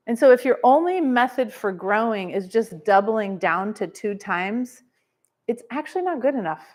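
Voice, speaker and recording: A woman teaching a live seminar to an audience, energetic and coaching, full of rhetorical questions. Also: medium pitch. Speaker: wellness business trainer.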